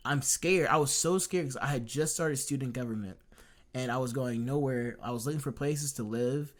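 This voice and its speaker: A man's voice: medium pitch, normal speed. A young man co-hosting a casual faith podcast, telling his story earnestly and with animation, full of restarts. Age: young adult. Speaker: podcast co-host.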